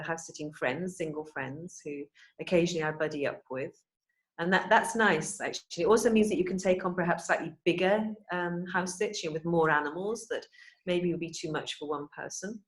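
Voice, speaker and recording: A Welsh woman with a slightly low voice, chatting freely on a video call. She laughs often and lets her sentences fade to a soft, quiet finish. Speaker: experienced housesitter. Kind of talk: casual group video chat.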